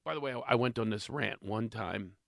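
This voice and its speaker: A man from Philadelphia with a Philadelphia accent, a comedian telling animated jokes in a radio studio. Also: on the low side, fairly quick, vocal fry, dry recording. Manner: animated joke-telling, acts out voices. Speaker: comedian guest. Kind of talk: radio studio banter, storytelling.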